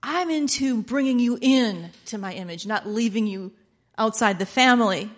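A woman's voice: on the high side, moderate pace, natural voice. A woman voicing a devoted, determined male bridegroom in a sermon, speaking earnestly and with emphasis.

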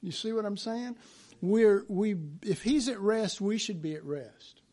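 A man's voice: sits high, a little slow, warm tone. A man preaching a sermon in a conversational way, acting out biblical quotes as he goes.

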